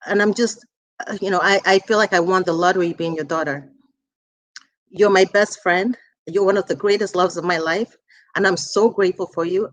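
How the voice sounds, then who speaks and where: Emotional woman in her forties paying tribute. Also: mid-range voice. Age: 40s. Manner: earnest, emotional, warm. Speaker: author's daughter, speaker. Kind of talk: heartfelt tribute speech.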